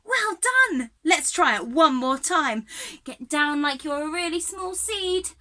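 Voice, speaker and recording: A woman's voice: sits high, measured pace, sharp tone. A young woman leading a children's singalong and movement lesson, bubbly and encouraging, with a sing-song delivery and frequent laughs. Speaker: early years music and drama teacher.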